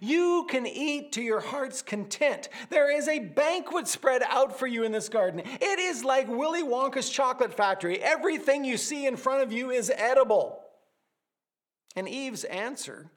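A pastor preaching a sermon, animated and vivid, with vivid word pictures and humorous asides. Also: male voice, very high-pitched, a little slow.

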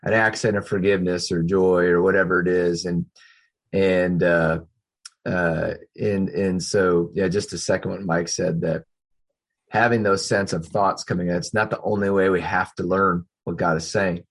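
A pastor hosts a church Q&A over a video call, talking earnestly and thinking aloud in a casual discussion. His voice is deep, with little pitch movement and a moderate pace.

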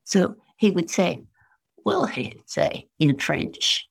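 An Australian woman talks slowly as an interview guest, her voice low and very raspy with strong fry. She muses through spiritual stories and slips into the voices she quotes. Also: huge pitch swings. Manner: slow, musing storyteller acting out quoted voices.

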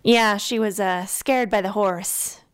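Woman narrator doing a bashful, earnest young man, unhurried storybook delivery. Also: medium pitch, steady tone, clean tone, natural voice. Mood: hesitant. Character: shy, earnest young man, printer's son.

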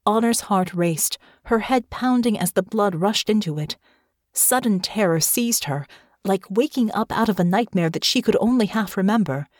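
In scripted narration, a woman reads a fantasy novel as an audiobook, telling the story expressively. Her voice is medium-pitched, captured in clean studio sound with no room sound.

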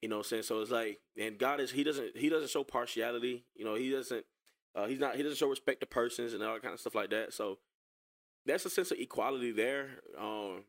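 A man giving casual reaction commentary on a video clip, sarcastic and animated, often repeating himself as he talks to viewers. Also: mid-range voice, fairly quick.

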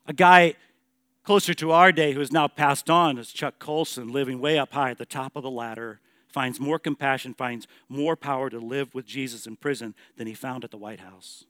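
A man preaching a sermon as a pastor, emphatic, moving between hushed and loud passages. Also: medium pitch, no room sound, studio quality.

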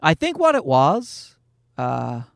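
A middle-aged male comedian with a high, light voice rambles through a casual story, cursing freely and poking fun at himself. The sound is close and dry, with no room around it. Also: wildly swooping pitch, slow, vocal fry, fairly bright tone, dry recording. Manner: rambling, self-deprecating, swears freely. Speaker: comedian and podcast host.

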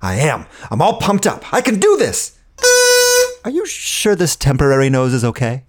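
A man's voice: mid-range voice, huge pitch swings, normal speed. A man playing Scotty, a bubbly, chatty male host character who tells puns and talks straight to the listeners in a children's audio drama. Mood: eager. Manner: bubbly, chatty, punny, addresses listeners directly. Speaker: show host.

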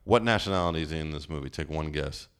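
A man's voice: very deep voice, quick pace, a bit bright, clear, resonant tone. A man from New Jersey chatting casually on a podcast, joking and rambling, often tripping over his words. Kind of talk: casual chat.

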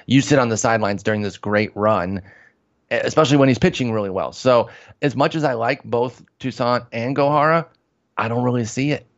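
A man's voice: medium pitch, muffled recording. A man hosting a casual baseball podcast, rambling and correcting himself as he talks shop. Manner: rambling, self-correcting, self-deprecating. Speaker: fantasy baseball podcast host. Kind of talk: casual sports chat.

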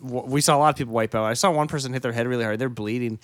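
A man's voice: mid-range voice, racing, no room sound. Young man telling a story, dry mic. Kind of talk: casual chat among friends.

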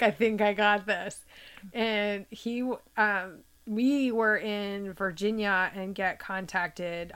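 A woman in casual conversation, recounting a family story with lively energy. Her middle-pitched voice jumps up whenever she quotes someone, and she swears now and then without a second thought. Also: clear, resonant tone. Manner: animated, swearing, acting out quoted dialogue. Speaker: podcast guest.

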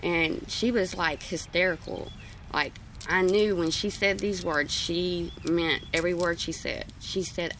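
A woman's voice: fairly low pitch, steady tone, measured pace, vocal fry, a bit bright, a little hiss or hum. A woman telling a story from her past in a rambling, folksy way, with many fillers. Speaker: interviewee. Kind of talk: casual storytelling.

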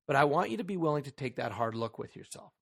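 A man's voice: medium pitch, lively intonation, quick pace, a bit bright. A man hosting a solo motivational podcast who talks earnestly into a microphone, leans hard on key words and asks the listener rhetorical questions. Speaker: podcast host.

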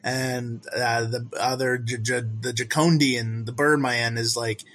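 A man's voice: mid-range voice, little pitch movement, a little slow, fairly bright tone. Man, podcast co-host, casual episode recap, rambling and amused, mid-range voice. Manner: rambling, amused storytelling with acted-out quotes.

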